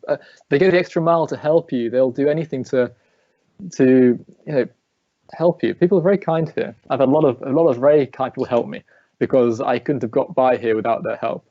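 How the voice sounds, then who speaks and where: A warm, medium-pitched male voice belongs to an English ballet dancer in his thirties, answering remote interview questions. He tells stories chattily and often restarts his sentences. The audio has no room sound and the highs are cut off.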